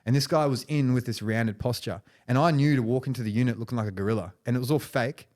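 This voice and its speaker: A man's voice: medium pitch, fast, a little mellow. A man, a podcast guest, telling stories in casual conversation, rambling and restarting phrases, with frequent "you know" and "right".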